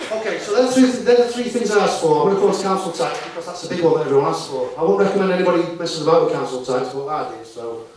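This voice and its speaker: A man with a slightly high, expressive voice speaks briskly but pauses often, addressing a live conference audience with chatty tag questions. A crowd can be heard behind him, and the hall is very echoey with the mic far off.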